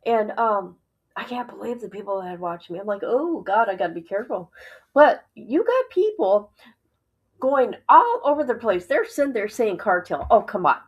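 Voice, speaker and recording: A woman's voice: medium pitch, sing-song, moderate pace, breathy edge, poor audio. A woman hosting a livestream, giving casual reaction commentary, often exclaiming and laughing in disbelief. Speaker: livestream host.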